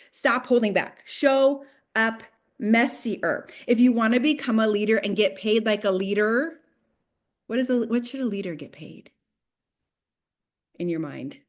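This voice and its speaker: Woman hyping her team on a call, kinda high voice, drops to a hush then gets loud acting out convos. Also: unhurried. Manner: energetic, swings between hushed and loud, acts out quotes. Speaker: network marketing team leader.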